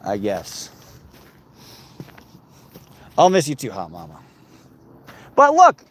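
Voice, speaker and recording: A man's voice: fairly low pitch, sing-song, slow, darkish tone, slight background noise. A man livestreaming while walking outdoors, reading viewer comments aloud and bantering with his chat.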